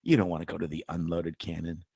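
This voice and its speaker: A man's voice: low voice, level tone, fast, creaky, warm tone, husky, no room sound. A man who is a doctor co-hosting a casual chat show, playful and teasing. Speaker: doctor, co-host.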